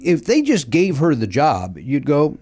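A man's voice: a little high, unhurried. A man hosting a casual comedy podcast trivia game, ranting playfully and swearing. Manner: animated, swears, mock rants. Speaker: host.

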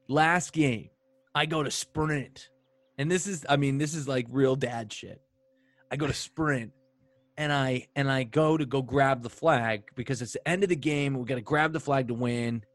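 A young man co-hosting a podcast, telling a lively story in casual chat and swearing casually. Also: medium pitch, normal speed, no echo. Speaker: podcast co-host.

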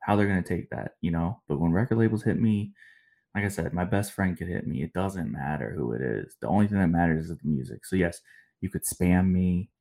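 A young man hosts a podcast with a very low, deep voice. He talks in a laid-back, rambling way, full of slangy asides and loose stories. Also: brisk, vocal fry, warm tone. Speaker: podcast host. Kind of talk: casual chat.

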